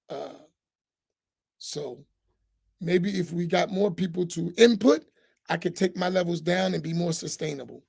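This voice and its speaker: Imam, high gravelly voice, dry close sound, animated and joking. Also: male voice, no echo. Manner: animated, humorous, acts out voices, preachy asides. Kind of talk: informal reflection talk to a congregation.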